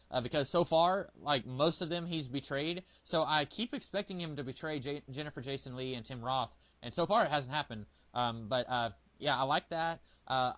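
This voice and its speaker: With a mid-range voice and a fairly bright tone, this man co-hosts a podcast and talks casually about TV. He's easygoing but hesitant, using lots of fillers, and the recording sounds muffled and lo-fi.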